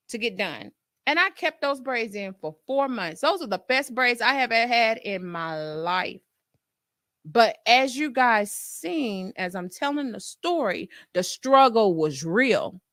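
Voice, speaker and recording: A woman nurse hosting her own show, chatting to listeners in a lively way and acting out her own past reactions. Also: a little high, dry recording, clean studio sound. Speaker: nurse and podcast host. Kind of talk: casual storytelling to listeners.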